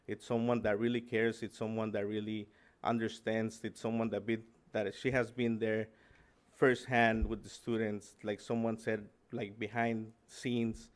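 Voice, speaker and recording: A man giving a public comment at a school board meeting in support of his wife, speaking haltingly with many restarts and self-corrections. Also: lowish voice, little pitch movement.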